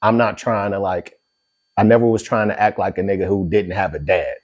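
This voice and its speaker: A man's voice: on the low side, brisk, dull audio. A middle-aged man hosting a casual podcast chat, telling stories freely with plenty of swearing. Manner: animated storytelling, swears freely. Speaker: podcast host.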